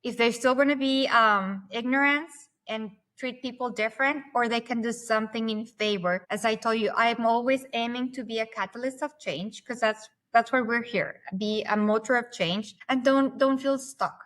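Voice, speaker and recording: A woman, a podcast guest who talks fast and at length in animated conversation. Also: fairly high pitch.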